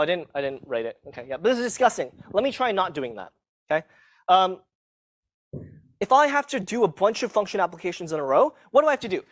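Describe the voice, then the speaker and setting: A man teaching a live university class in a casual, self-mocking way, often checking in with the students. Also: on the high side. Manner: casual, self-mocking, tags sentences with "okay?". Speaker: university lecturer. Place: lecture hall.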